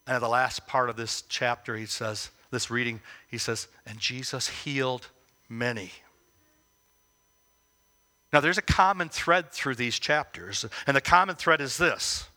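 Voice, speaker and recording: A man giving devotional Bible teaching, emphatic, with rhetorical questions and slow, stressed phrases. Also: medium pitch, sharp tone. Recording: long reverb as in a hall.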